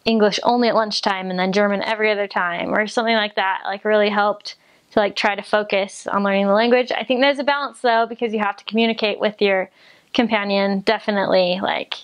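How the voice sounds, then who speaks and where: A woman's voice: medium pitch, steady tone, brisk, clear, resonant tone. A young woman from the United States, talking casually about her mission, chatty and giggly with many fillers. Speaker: returned missionary. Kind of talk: casual chat.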